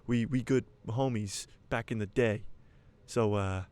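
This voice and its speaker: A man's voice: fairly low pitch, a little slow, darkish tone, close to an everyday voice. A man voicing a friendly middle-aged male senator father who talks in a laid-back, slangy way.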